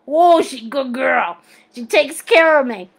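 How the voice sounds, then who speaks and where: A woman's voice: high voice, expressive, measured pace, vocal fry. A middle-aged woman hosting a live painting class, bubbly and laughing often as she reads out viewers' comments and calls them sweetie and honey. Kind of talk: live-stream chat, reading viewer comments aloud.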